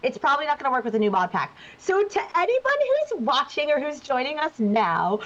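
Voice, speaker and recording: A New Jersey woman, a voice actor guest, chats casually while gaming and moves her voice placement around to demonstrate. Her voice is high and bright, with wildly swooping pitch and a brisk pace. The recording sounds dull and lo-fi.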